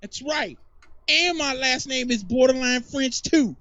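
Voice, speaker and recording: High-voiced man ranting boastfully. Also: measured pace, sharp tone, a little hiss or hum. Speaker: podcast co-host. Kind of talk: casual podcast chat. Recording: dull lo-fi dry mic.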